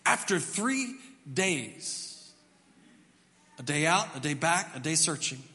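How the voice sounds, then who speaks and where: A pastor delivers a sermon in a bright, high voice, animated and storytelling as he acts out little voices. The sound carries a long church reverb around him. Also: takes it slowly. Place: church sanctuary.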